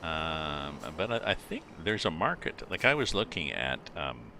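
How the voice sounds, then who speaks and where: A man's voice: rumbling low, very animated, measured pace, bright, forceful tone. A middle-aged man streaming a driving game, chatting casually with his viewers and rambling as he thinks aloud with lots of fillers. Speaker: livestreamer playing a driving game. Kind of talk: casual chat with live viewers. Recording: game vehicle noise underneath. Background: truck engine and road sounds from the game.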